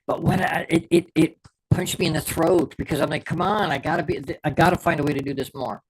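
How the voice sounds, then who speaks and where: A man's voice: a little high, steady tone, fairly quick, a little hiss or hum, poor audio. A middle-aged man hosting a podcast, giving a fervent motivational talk as a performance coach and repeating key words for emphasis.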